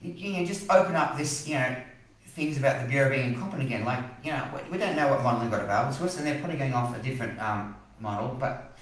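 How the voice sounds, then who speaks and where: A man's voice: mid-range voice, fast, very echoey, recorded from a distance, poor audio. An Australian man hosting a live weather stream, passionately ranting about forecast models, then apologising. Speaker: weather page host.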